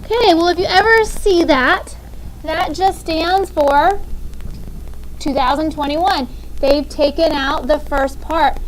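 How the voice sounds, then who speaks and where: High-voiced upbeat woman teacher. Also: slow, slight background noise, low-quality recording. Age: 30s. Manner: upbeat, checks in with "okay?" often. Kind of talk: classroom grammar lesson. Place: classroom.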